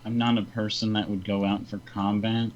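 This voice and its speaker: A man's voice: lowish voice, level tone, moderate pace. A man playing in a tabletop role-playing game, speaking in a hesitant, subdued way. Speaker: player. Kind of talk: casual chat in a tabletop game. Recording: dull lo-fi mic with faint background sound.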